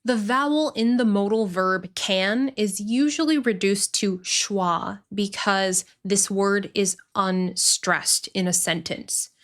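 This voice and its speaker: Slow, deliberate woman teaching English pronunciation. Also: medium pitch. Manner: clear, deliberate explaining, repeating words slowly. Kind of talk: pronunciation lesson.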